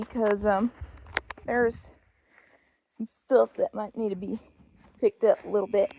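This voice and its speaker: Out on a farm, a young female vlogger walks and talks casually in an affected Southern drawl, a little winded, her dark-toned voice moving at moderate pace with long pauses. She's chatty and coos at animals in a high, babyish voice. Slight background noise can be heard.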